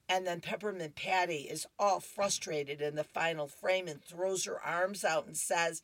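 A woman's voice: fairly low pitch, unhurried, few pauses, no room sound. A woman reading comic strips aloud on a radio reading service, chatting with listeners between panels. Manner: chatty, warm asides to listeners. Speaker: radio reader.

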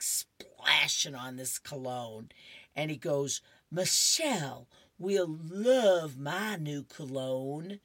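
Woman radio reader, unhurried, chatty asides, dry studio sound. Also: low voice, fairly bright tone, no room sound. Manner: chatty asides, laughs at the jokes. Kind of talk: reading horoscopes and comic strips on radio.

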